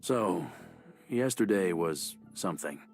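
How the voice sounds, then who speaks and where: A man voicing a gruff, terse, deep-voiced guy. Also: animated, takes it slowly, a little mellow, soft background music, full character voice. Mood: guarded. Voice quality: deep, low grunting delivery. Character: gruff, terse adult man of few words. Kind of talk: visual novel read-aloud.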